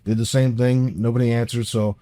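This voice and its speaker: A man's voice: medium pitch, level tone, fairly quick, mellow, no echo. A man co-hosting a podcast, telling a personal story in a casual, rambling way with frequent restarts and swearing. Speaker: podcast co-host.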